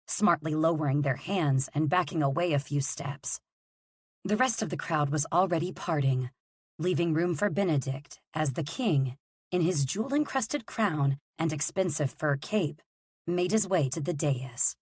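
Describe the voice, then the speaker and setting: A woman reading an audiobook aloud in measured, scripted narration. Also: low-pitched, darkish tone, slightly rough, no echo. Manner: measured storytelling.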